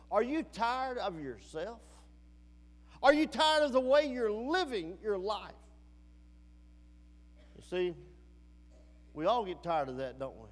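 A man preaching a sermon to a church congregation, rising and falling in pitch and slowing down to stress his points. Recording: long hall reverb.

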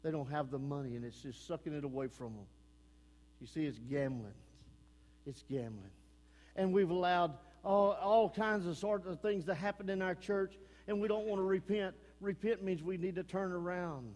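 Speaking at normal speed, an East Texas pastor delivers an impassioned sermon in a church sanctuary, his notably high voice trailing a long reverb. He alternates between shouting warnings and quiet, earnest appeals.

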